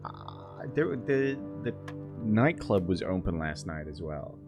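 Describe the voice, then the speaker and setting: A man's voice: deep voice, very animated, takes it slowly, over music. A young man streaming a game, hungover, rambling and laughing through a story. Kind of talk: casual gameplay chat.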